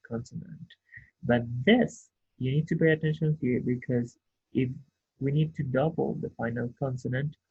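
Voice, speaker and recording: Man, English teacher, slow and patient, raspy voice, tinny lo-fi sound. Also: mid-range voice, a little mellow. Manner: patient, explains step by step and checks in with "right?". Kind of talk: grammar lesson.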